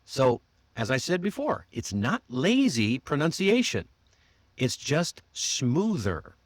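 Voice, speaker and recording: A man with an American accent, coaching pronunciation in a livestreamed lesson and demonstrating words slowly and deliberately. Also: mid-range voice, wildly swooping pitch, dry recording. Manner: slow, drawn-out demonstrations of words.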